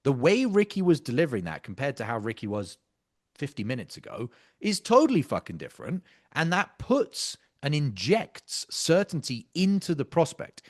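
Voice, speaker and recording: A man's voice: on the high side, wildly swooping pitch, normal speed. A man coaching sales closers, breaking down a practice call in an emphatic, intense way with casual swearing.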